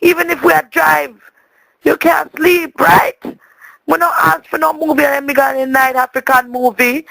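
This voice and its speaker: A man's voice: very high voice, flat delivery, measured pace, vocal fry, sharp tone, no echo, full character voice, rough recording. A man voicing a chatty, indignant Jamaican woman leaving a voicemail, rambling and stammering as she complains. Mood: exasperated. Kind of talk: comic monologue as a voicemail.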